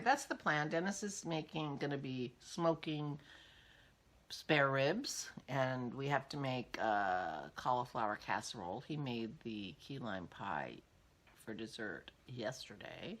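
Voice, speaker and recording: A woman's voice: rumbling low, pushed and bright. An older woman hosting a casual vlog, chatting in a rambling way as she thinks aloud. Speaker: podcast host.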